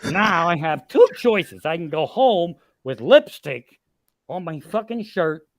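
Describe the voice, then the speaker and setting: A man in his sixties spins profane comic stories on a live podcast, getting loud on the punchlines. His voice sits a bit high, and the recording is close and dry. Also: sing-song, slow, no room sound. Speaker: comedian guest telling stories. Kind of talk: casual storytelling on a live podcast.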